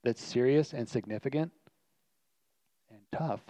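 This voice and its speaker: A man's voice: medium pitch, unhurried, mellow, no echo. A man preaching a sermon as pastor, earnest and emphatic, repeating his key lines for weight. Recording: dry, slightly muffled recording.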